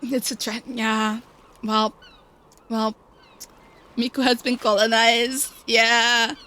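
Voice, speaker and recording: A woman's voice: a little high, little pitch movement, slow, bright, forceful tone. A young woman streamer chatting casually while gaming, playful and giggly, cooing to her cat. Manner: playful, doting baby talk to her cat.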